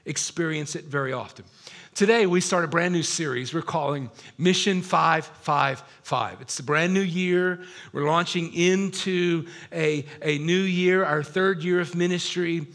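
A man's voice: fairly high pitch, sharp tone. A man preaching a sermon as a pastor, telling stories in a casual, self-deprecating way. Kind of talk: storytelling sermon.

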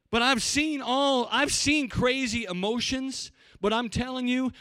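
High-voiced pastor preaching a sermon. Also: male voice, unhurried, hardly any pauses, bright, forceful tone, smooth, no room sound. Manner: preaching with rising fervor, folksy storytelling asides.

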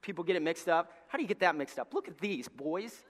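A middle-aged male pastor preaching a sermon, telling stories and swinging between shouted lines and hushed, soft passages. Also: high-pitched, animated, brisk, slight background noise. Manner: storytelling preacher, swings from shouting to near-whispers. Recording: long hall reverb.

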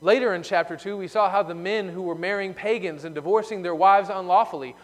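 A male pastor delivers an expository sermon in a fairly high voice. He swings from forceful emphasis to hushed, quiet asides. The sound carries a long reverb, as in a large hall. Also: a little fast. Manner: explanatory preaching, shifting from loud emphasis to hushed asides.

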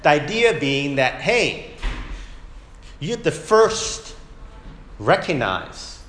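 A man's voice: fairly high pitch, slow, roomy sound. A man who is a parent of young children, teaching a conversational Sunday school Bible lesson, often asking "right?" and acting out quotes. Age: adult, parent of young kids. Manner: animated, keeps asking "right?", acts out quotes. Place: church classroom.

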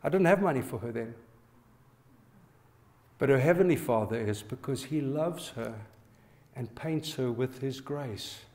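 A man's voice: mid-range voice, dark tone. A middle-aged man, a pastor preaching a sermon and telling personal stories, often turning to ask the congregation to respond. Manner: personal storytelling, asks the audience to respond.

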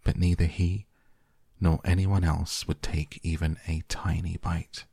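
Deep gravelly man reading a story. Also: flat delivery, warm tone, no echo, clean studio sound. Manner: measured storytelling. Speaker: narrator. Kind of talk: audiobook reading of a children's novel.

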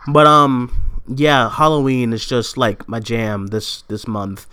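A man's voice: mid-range voice, little pitch movement, takes it slowly, bright, forceful tone, clean tone. A man from Boston hosting a casual live chat, talking loosely with lots of fillers. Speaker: host.

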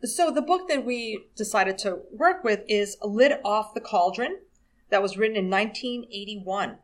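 A woman's voice: medium pitch, expressive, a little slow. An American woman co-hosting a podcast in casual chat, thoughtful and musing. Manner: thoughtful, reads quotes aloud. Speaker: podcast co-host.

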